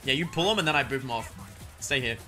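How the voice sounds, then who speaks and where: A young man giving excitable live commentary while playing a game, swinging between muttered frustration and loud yelps. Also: mid-range voice, fast talker, loud music behind the voice. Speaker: gaming streamer.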